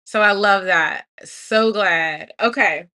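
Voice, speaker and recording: Woman, 40s, bright and effusive livestream host, cheering viewers on. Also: medium pitch, slow pace. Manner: warm, encouraging, effusive. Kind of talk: live chat with viewers.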